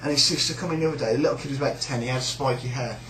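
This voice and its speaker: A man's voice: mid-range voice, racing, a bit bright, roomy sound, faint music behind, rough recording. A man with a British accent ranting in a sneering, rambling, sweary way about a coworker. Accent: British English. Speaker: shop worker. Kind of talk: casual rant.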